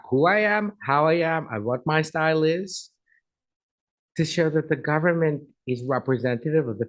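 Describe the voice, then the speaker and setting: A man's voice: mid-range voice, poor audio. A middle-aged man giving a chatty, effusive guest speech at an agency event, then taking audience questions.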